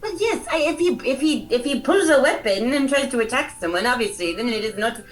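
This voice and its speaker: A woman's voice: fairly high pitch, lively intonation, fairly quick. A woman running a tabletop game, narrating and speaking in character with a lot of hesitation and ums. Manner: hesitant, full of ums and uhs. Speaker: game master. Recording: voice distant from the mic.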